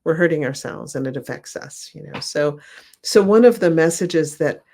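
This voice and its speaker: A middle-aged woman, a remote viewing instructor, telling stories in a casual interview with enthusiasm, softly acting out quotes. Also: low-pitched, normal speed, vocal fry. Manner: enthusiastic, animated retelling with soft acted quotes.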